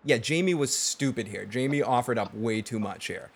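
A man's voice: mid-range voice, animated, moderate pace, vocal fry. A man co-hosting a podcast, casually recapping a TV episode and acting out characters' lines as he retells them. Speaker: podcast co-host.

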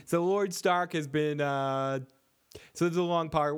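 A man's voice: on the high side, fairly even intonation, unhurried, smooth. Joking, foul-mouthed man hosting a recap. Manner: profane, joking, rambling with frequent laughs. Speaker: podcast host reading chat comments. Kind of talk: casual TV recap chat.

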